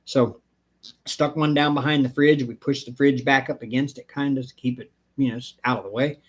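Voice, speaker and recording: A man's voice: mid-range voice, steady tone, moderate pace, slightly rough. A man hosting a live stream, telling a long story in a rambling, casual way. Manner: rambling storyteller, acts out the people he quotes. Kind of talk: casual chat.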